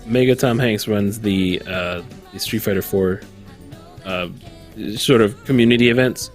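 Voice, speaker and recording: A man's voice: fairly low pitch, a little slow, soft background music. A man co-hosting a podcast in casual chat, rambling and stopping to search for words. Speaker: podcast co-host.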